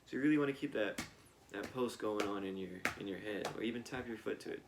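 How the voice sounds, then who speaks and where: A low-voiced man gives a casual cello lesson, his voice gravelly with fry. He talks in an easygoing way, pausing on fillers and counting the beats aloud. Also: background noise. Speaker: cello teacher. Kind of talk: casual instructional talk. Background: cello playing between explanations.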